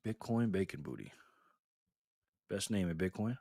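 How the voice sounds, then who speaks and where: Chill guy on a live stream reading chat out loud, laughs a lot, dry close mic. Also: low voice, lively intonation, moderate pace, no echo.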